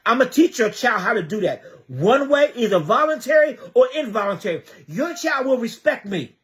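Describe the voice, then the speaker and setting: A man's voice: very high-pitched, sing-song, fairly quick, hardly any pauses, fairly bright tone. A man from the Trenton area of New Jersey, a community advocate giving an impassioned livestream monologue, pressing his points with repeated rhetorical questions.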